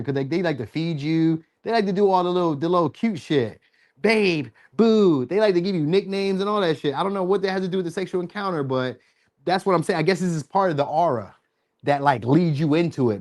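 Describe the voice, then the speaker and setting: A man giving a casual tarot reading to his viewers, joking and swearing freely and sometimes jumping into high mock voices. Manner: loose, profane, joking delivery; slips into high-pitched mock voices when quoting. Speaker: tarot reader.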